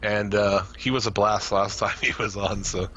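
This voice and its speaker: A man co-hosting a podcast in casual chat, loose and profane, laughing often, his voice going hoarse. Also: on the low side, level tone, moderate pace, bright, forceful tone, lo-fi sound, a little hiss or hum. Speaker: podcast co-host.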